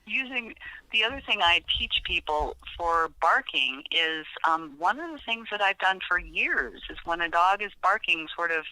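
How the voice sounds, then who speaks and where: A woman's voice: lowish voice, lively intonation, normal speed, bright, forceful tone, no echo, rough recording. A woman animal behaviorist chatting as a podcast guest, telling stories with frequent fillers and restarts. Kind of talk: podcast interview.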